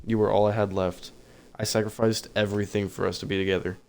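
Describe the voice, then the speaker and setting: A man reading aloud the lines of a desperate, lovesick teenage girl from a game, in a plain, flat voice. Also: fairly low pitch, quick pace, vocal fry. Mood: anguished, accusing.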